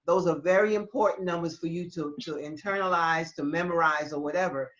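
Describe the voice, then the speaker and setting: A woman teaching Spanish in an online class, explaining patiently with halting restarts over a video call. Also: fairly low pitch, fairly bright tone, highs cut off.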